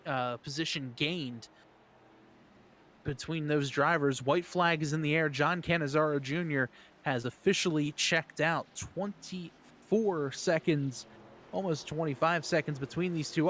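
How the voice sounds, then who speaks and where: A man doing energetic play-by-play commentary on a race, calling positions and passes. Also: fairly high pitch, unhurried, slight background noise.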